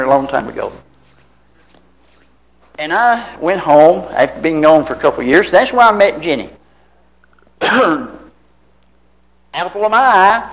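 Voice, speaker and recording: Older male preacher in his seventies, from Tennessee; folksy storyteller, high and animated voice, asks his congregation questions. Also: rough recording. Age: 70s. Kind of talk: anecdotal sermon.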